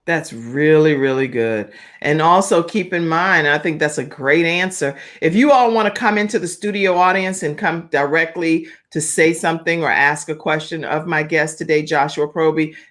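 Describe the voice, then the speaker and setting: A woman hosting a live online talk show, chatty, reading viewer comments aloud with lively emphasis. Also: low-pitched, moderate pace, hardly any pauses. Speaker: host.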